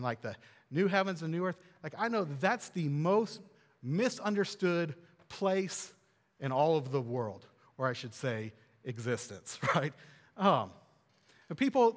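A man's voice: sits high, long reverb tail. A man preaching a sermon as a pastor, earnest and conversational, repeating phrases and rising for emphasis.

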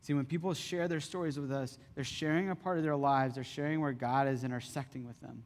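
A man in his thirties preaching a sermon as pastor, conversational and animated in his storytelling. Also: medium pitch, fairly quick. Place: church hall. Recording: reverberant church hall.

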